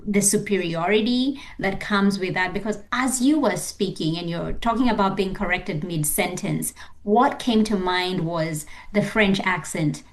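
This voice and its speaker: A woman's voice: medium pitch, measured pace, few pauses. Emphatic woman podcast host. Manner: emphatic, affirming, talks in long building thoughts. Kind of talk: conversational interview.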